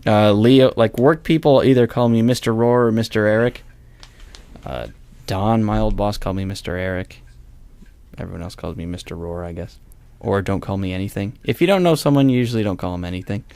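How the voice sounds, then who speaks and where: A man's voice: fairly low pitch, a little fast, a little mellow, smooth. A young man hosting a casual podcast chat, rambling and correcting himself as he goes. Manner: rambling, self-correcting, chuckles often. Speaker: podcast host.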